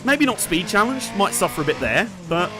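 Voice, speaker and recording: A let's play streamer delivers jokey, sweary live commentary over a racing game, laughing often, in a high-pitched, sing-song, fairly quick male voice. Racing game music and engine noise play in the background.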